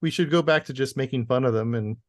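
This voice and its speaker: A man of middle pitch making a point in a casual podcast chat, slipping in quoted asides as he goes. The recording is dry and close, with no room sound. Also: fast talker, no room sound. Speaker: podcast co-host.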